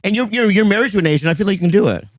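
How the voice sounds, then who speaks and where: A man in his fifties, a comedian guest trading playful, defensive banter in a casual podcast chat and breaking into high laughs. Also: lively intonation, racing, no room sound, studio quality. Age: 50s.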